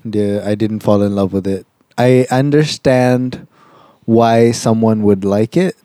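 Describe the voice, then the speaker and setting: A young man with a Malaysian English accent, co-hosting a podcast in relaxed, rambling casual chat that slips into Malay words. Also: lowish voice, unhurried, no room sound, studio quality. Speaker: podcast co-host.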